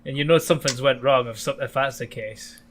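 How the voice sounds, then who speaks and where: A man's voice: mid-range voice, brisk, a little hiss or hum. A man co-hosting a casual podcast, giggly, sarcastic and sweary. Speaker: podcast co-host.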